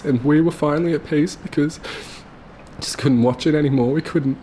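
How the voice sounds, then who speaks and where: A young man telling his late mother's story to camera, tearful and halting, with his voice breaking. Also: a little high, fairly even intonation, mellow, a little hiss or hum. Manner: halting, full of fillers and restarts.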